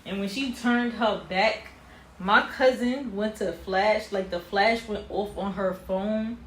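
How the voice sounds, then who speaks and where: A young woman telling a personal story in a casual vlog, animated, with casual slang. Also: mid-range voice, slow. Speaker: vlogger. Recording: roomy echo with faint ambient noise.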